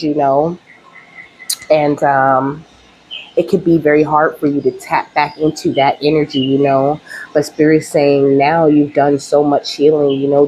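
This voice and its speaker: A woman's voice: low-pitched, warm tone, breathy edge, lo-fi sound. A woman hosting her own channel, giving a casual spiritual reading straight to her viewers in a chatty, emphatic and openly heartfelt way. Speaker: spiritual reader and channel host.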